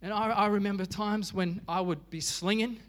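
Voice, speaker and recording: A man's voice: sits high, steady tone, moderate pace, long reverb tail. An Australian man preaching a sermon as pastor, telling stories with humor and animation. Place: church.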